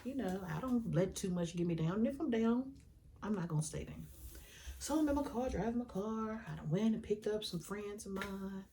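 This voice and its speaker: A woman vlogger telling a personal story in a heartfelt, conversational way, with colloquial grammar and some hushed, whispered stretches. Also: mid-range voice, moderate pace, poor audio. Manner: sometimes drops to a hushed whisper. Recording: noticeable background noise.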